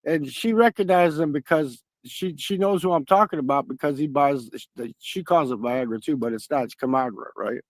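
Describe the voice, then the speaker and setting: A man's voice: fairly high pitch, normal speed, few pauses, no room sound. A man hosting a stream, telling rambling, profane stories in casual chat. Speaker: stream host.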